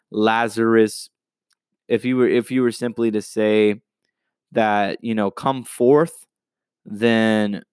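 A man's voice: lowish voice, smooth, no echo. A man hosting a podcast, preaching with casual enthusiasm. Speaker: podcast host.

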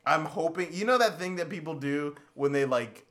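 Man, podcast co-host, joking, swearing, laughing a lot, relaxed chat. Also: fairly high pitch, moderate pace. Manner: joking, profane, laughs often. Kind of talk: casual chat.

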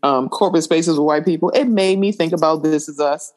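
A woman chatting over a video call, animated and profane as she tells stories about a TV show. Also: sits low, fairly quick. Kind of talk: casual chat recapping a TV episode.

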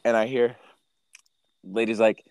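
A man in his thirties hosting a podcast, telling stories in a casual, animated way, swearing and acting out what people said. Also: on the low side, measured pace, smooth, dry recording. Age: 30s. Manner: animated storyteller, swears, acts out quotes. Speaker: podcast host. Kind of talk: casual chat.

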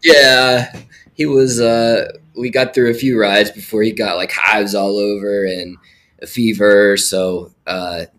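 Guy w a low voice, sick w a cold, lots of um and you know, stops and restarts. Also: steady tone, a bit bright. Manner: halting, many restarts and fillers. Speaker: film producer. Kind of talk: casual conversation.

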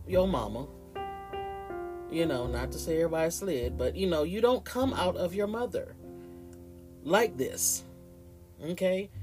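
Animated man rambling over guitar music. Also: high-pitched. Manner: animated, preachy, slips into playful mimicry. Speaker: podcast host. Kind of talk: casual spoken ramble. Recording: guitar music playing underneath.

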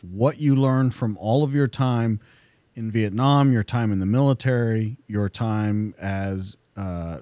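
A man's voice: mid-range voice, darkish tone, no echo. A man hosting a podcast, asking thoughtful, winding questions of his guest. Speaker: podcast host. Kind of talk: interview questions. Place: podcast studio.

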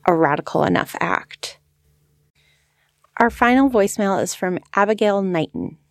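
A woman hosting a podcast, talking in a relaxed, reflective, conversational way and often stopping to think aloud. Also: mid-range voice, moderate pace, vocal fry, dry recording. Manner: thoughtful, conversational, frequent "like" fillers. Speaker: podcast host. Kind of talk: casual reflective discussion.

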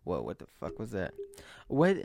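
A man's voice: mid-range voice, expressive, normal speed. A young man vlogging to camera in a rambling, self-mocking monologue, often breaking into laughs and sighs.

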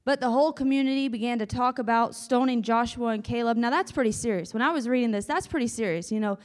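A woman preacher reads Scripture and adds chatty asides, calling on listeners to say amen. Her voice sits fairly high. A long reverb from the hall hangs behind her. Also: fast talker. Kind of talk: sermon with Bible reading.

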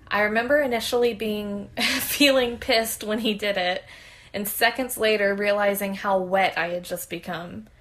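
Female podcast host, mid pitch, reads listener stories aloud in a frank, chatty way. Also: a bit bright. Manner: candid, conversational reading with bursts of laughter. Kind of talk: reading a submitted story aloud.

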